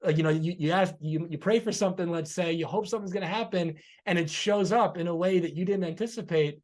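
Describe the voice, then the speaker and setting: A man hosting a podcast who retells stories in an animated, conversational way. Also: sits high, fast talker. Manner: animated storyteller. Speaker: podcast host. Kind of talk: conversational interview storytelling.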